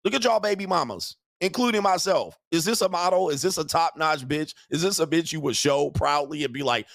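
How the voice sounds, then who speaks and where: A man's voice: on the high side, fairly quick, hardly any pauses, a bit bright, no room sound, studio quality. A man hosting a show, delivering a crude, mocking livestream rant and laughing often. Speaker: show host.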